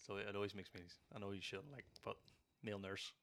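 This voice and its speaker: A man's voice: lowish voice, flat delivery, fast talker, gravelly, a bit bright. A young man, co-hosting a podcast in casual chat, joking, swearing and laughing a lot. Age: young adult. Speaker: podcast co-host.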